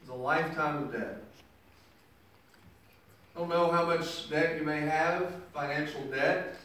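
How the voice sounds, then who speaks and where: Man, pastor, sermon, verse-by-verse explanation, somewhat high voice, heavy room echo. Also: unhurried, pushed and bright. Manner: expository preaching, reading verses then paraphrasing with emphasis. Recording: echoey room picked up from a distance.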